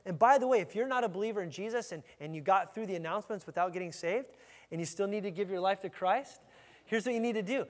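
A male pastor with a high, bright-edged voice delivers an energetic, emphatic sermon, doubling back on his words as he goes. His voice rings with the long echo of a big church sanctuary. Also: fast. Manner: energetic, emphatic preaching with frequent restarts.

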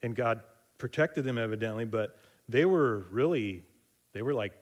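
A man teaching a Bible study in a relaxed, conversational way, retelling passages with asides and small fillers. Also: mid-range voice, moderate pace.

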